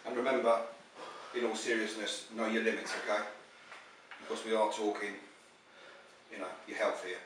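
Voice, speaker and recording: A man's voice: on the low side, level tone, moderate pace, long pauses. A man hosting a food challenge, earnestly reassuring the contestant and urging caution. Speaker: host. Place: indoors at a food challenge venue. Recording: echoey room, distant mic, background noise.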